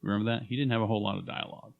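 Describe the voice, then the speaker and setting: A man co-hosting a travel podcast, joking and animated in casual chat. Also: lowish voice, rapid-fire, creaky, no room sound, narrow, tinny audio. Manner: joking, animated, trails off mid-sentence. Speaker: podcast co-host.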